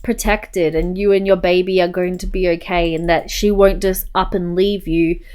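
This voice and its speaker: A woman voicing a caring middle-aged mother in a life-sim game, giving earnest, gentle advice. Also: lowish voice, little pitch movement, moderate pace, clear, resonant tone, close to an everyday voice. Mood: worried.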